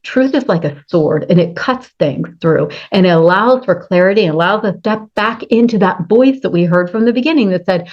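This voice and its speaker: A middle-aged woman speaking to camera as a body-image coach and author, gentle and earnest, now and then acting out the inner thoughts of her viewers. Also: medium pitch, moderate pace, hardly any pauses, highs cut off. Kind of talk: talking-head video to camera.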